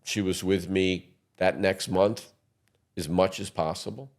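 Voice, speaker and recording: A man's voice: low-pitched, steady tone, measured pace, a little mellow. A man in his sixties, a podcast guest telling long rambling anecdotes in a casual interview. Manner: rambling anecdotes with quoted voices.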